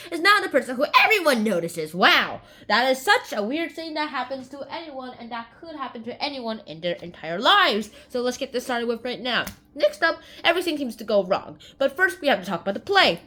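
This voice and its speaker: A young woman rambles through a casual summary, chatty and often correcting herself. Her voice is high and bright, and it bounces all over. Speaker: video host summarizing a play.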